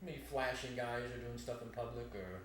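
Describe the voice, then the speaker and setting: A woman's voice: rumbling low, normal speed, slight background noise. A woman interviewer asking direct, probing questions. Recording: roomy and distant from the mic.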